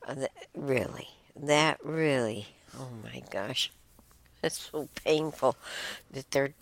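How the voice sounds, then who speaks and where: A woman reads posts aloud and comments casually, emotional and exclamatory, sighing and fumbling with her laptop as she reads haltingly. Her voice is extremely low and animated, in a dry recording.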